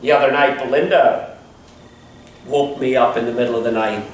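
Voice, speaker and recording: A man preaching a sermon as pastor, expressive and dropping to a hush at times. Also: moderate pace, a little hiss or hum. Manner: expressive preaching, swinging pitch, drops to a hush. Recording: echoey room, voice from a distance.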